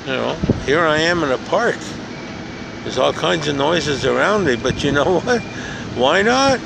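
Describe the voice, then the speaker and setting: An older man with a heavily gravelly voice tells a motivational story outdoors. He is earnest and repeats himself, building to emphatic questions. Faint background noise from the park is heard behind him. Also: on the high side, moderate pace. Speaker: podcast host.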